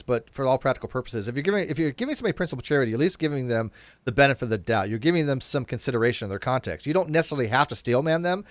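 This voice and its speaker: A man hosting a casual panel chat, animated, often repeating himself and restarting his sentences. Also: mid-range voice, dry recording. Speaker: show host.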